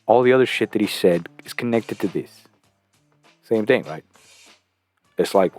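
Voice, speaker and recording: A man's voice: on the low side, lively intonation, unhurried, long pauses, darkish tone, soft background music. A man hosting a reaction video, talking in a rambling, profane way with frequent chuckles. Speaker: host reacting to a clip. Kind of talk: casual commentary.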